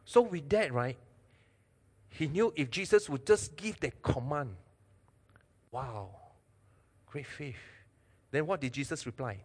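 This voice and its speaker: Guy preaching a sermon, lively, asks the crowd stuff, slightly high voice, big echoey hall. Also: takes it slowly, long pauses, breathy edge. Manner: animated preaching, with jokes and questions to the congregation. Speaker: pastor. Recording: long hall reverb.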